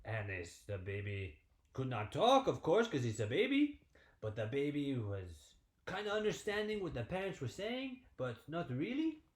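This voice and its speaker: A man, a PE teacher, telling a story to young children in an animated, sing-song way from home. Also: mid-range voice, moderate pace, reverberant.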